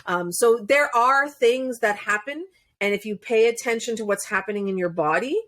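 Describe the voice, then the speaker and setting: A woman's voice: a little high, normal speed, fairly bright tone, a little hiss or hum. A woman coach, a podcast guest, talking in casual interview chat, earnest and explanatory, laughing now and then.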